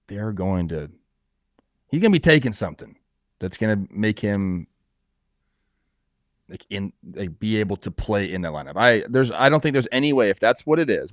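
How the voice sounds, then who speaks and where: A middle-aged man co-hosting a baseball talk show, giving relaxed analysis from his playing experience. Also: on the low side, dry recording, studio quality. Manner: relaxed, hedging with fillers. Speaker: co-host, former player. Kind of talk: casual sports analysis.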